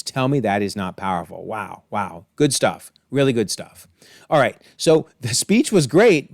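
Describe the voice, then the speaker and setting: A man's voice: medium pitch, dry recording, clean studio sound. A man hosting a casual, enthusiastic episode breakdown, chatting through scenes and quoting lines. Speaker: video essay host.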